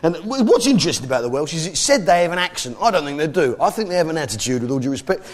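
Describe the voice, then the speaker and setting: Brash comedian with lively pitch. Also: male voice, very fast. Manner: brash, sweary, mock-patriotic. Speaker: stand-up comedian. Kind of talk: stand-up comedy. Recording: live show with crowd noise. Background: audience laughter.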